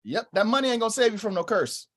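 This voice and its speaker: Animated storytelling man, higher voice. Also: fast. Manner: animated storyteller, acts out quotes. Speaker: co-host. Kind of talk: casual religious discussion.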